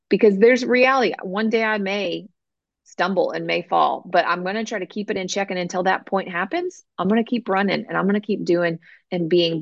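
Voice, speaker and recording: A woman guest, an author and coach, telling her faith story in an earnest, animated way on a podcast interview. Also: on the low side, creaky, no echo, dull audio.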